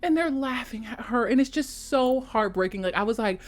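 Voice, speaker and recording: Gushing, animated woman vlogger. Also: moderate pace. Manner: gushing, animated, slangy, jumps to high mock voices and soft whispers. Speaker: vlogger reviewing a film. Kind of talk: casual chat.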